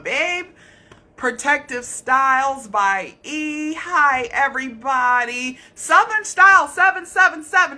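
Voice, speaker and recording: Bright, chatty woman hosting a livestream. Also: sits high. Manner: chatty, greets viewers with terms of endearment. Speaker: livestream host. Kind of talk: casual livestream chat.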